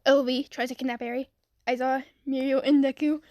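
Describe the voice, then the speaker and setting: A high-pitched woman chatting casually through comments on her own channel, giggling and breaking into laughter as she reacts. The recording is dry and close, with no room sound. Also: brisk, dry recording. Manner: giggly, excitable, laughs often between reading comments. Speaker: video creator reading comments.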